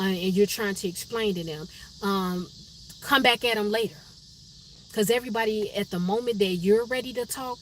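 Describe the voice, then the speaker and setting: Chatting on her live stream, a woman from Chicago speaks in her city's accent and responds to viewers by name, reading out what they wrote. Her voice is medium in pitch, with slight background noise.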